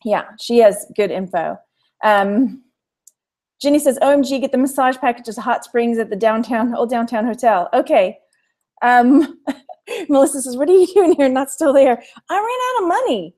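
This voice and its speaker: Hosting a live thrift haul, a talkative woman from Texas chats casually, laughing frequently and reading viewer comments out loud. She speaks at a moderate pace in a fairly high, expressive, mellow voice.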